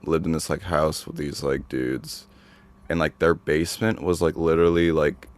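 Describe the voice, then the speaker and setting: A young man with a deep, monotone voice and heavy vocal fry, talking casually as a podcast host with lots of filler words. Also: normal speed. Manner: laid-back, lots of "like" fillers. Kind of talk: casual chat.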